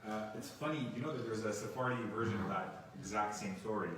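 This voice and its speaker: A man's voice: lowish voice, fast talker, noisy background. A man in the class audience chiming in casually, stammering a little as he retells a joke. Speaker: class participant. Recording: distant, very echoey room mic.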